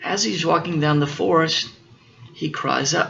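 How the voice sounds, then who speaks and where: A father reading a picture book aloud to his daughters, unhurried, stopping to explain the story and correct himself. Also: fairly high pitch, vocal fry, pushed and bright, dull audio.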